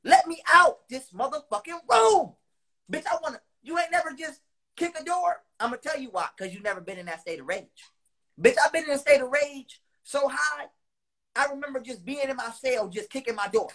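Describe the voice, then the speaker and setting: Expressive and brisk, this online speaker launches into a heated monologue full of profanity for his viewers. He repeats lines for emphasis, with loud outbursts set between quieter, lower passages.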